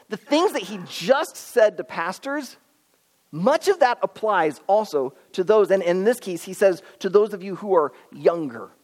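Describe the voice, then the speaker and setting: A man preaching a sermon as pastor, earnest and pleading, swinging between loud and hushed. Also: high-pitched. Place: church auditorium. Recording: long reverb of a hall.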